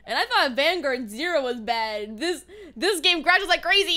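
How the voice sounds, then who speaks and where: High-voiced excitable woman streamer. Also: moderate pace. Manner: excitable, dramatic outbursts and playful whining. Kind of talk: casual gaming livestream chat. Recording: stream audio with music playing underneath. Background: background music.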